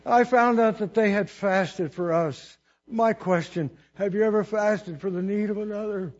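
A man's voice: high voice, a little slow, muffled recording. A man preaching a sermon, telling his own testimony in an earnest, emotional way with chuckles between lines.

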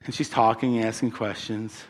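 A pastor delivering a conversational sermon, telling personal stories and putting questions to the congregation. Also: male voice, lowish voice, little pitch movement, moderate pace, in a large hall.

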